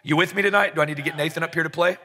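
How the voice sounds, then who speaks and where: A man's voice: a little high, steady tone, rapid-fire, pushed and bright. A man preaching a sermon to a congregation, telling stories with joking asides and call-and-response. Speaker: pastor. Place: church service in front of a congregation.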